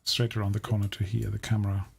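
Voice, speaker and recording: Male game master; gravel in the voice, husky edge; measured, explanatory narration. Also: lowish voice, monotone. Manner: measured, explaining, often restarting his sentences.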